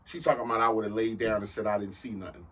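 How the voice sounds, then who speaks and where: A man's voice: on the low side, very fast, slightly rough, recorded from a distance. A man co-hosting a podcast, telling a story in a blunt, profane, casual way. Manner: blunt, profane, animated when excited. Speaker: podcast co-host.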